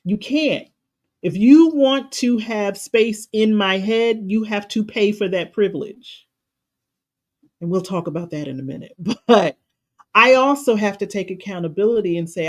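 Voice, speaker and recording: On a live stream, a woman life coach delivers a motivational talk with emphatic passion and a preacher-like cadence, repeating phrases for emphasis. Her voice is medium-pitched and a little mellow, and she keeps a measured pace.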